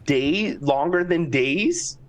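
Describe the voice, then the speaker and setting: A man's voice: fairly high pitch, lively intonation, slow, recorded from a distance, rough recording. A man playing his character in a tabletop game, rambling with lots of fillers and laughing asides, on a computer mic. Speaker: player. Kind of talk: tabletop role-play, in and out of character. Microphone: computer mic with keyboard.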